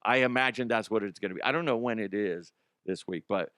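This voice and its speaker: A man's voice: lowish voice, a little fast, fairly bright tone, clean tone, no room sound, studio quality. A man hosting a casual sports talk show, ranting with profanity and sarcasm and laughing at his own jokes. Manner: mocking impressions of fans and players.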